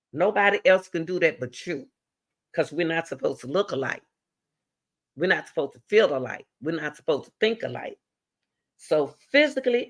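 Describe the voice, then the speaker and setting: Gravelly, emphatic woman giving advice. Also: lowish voice. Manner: emphatic, blunt, repeats key words. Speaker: talk show host giving advice. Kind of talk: direct advice talk to a caller.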